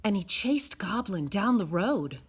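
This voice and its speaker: Woman storyteller, picture book read-aloud, slow and lively in pitch. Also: a little hiss or hum. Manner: expressive and sing-song.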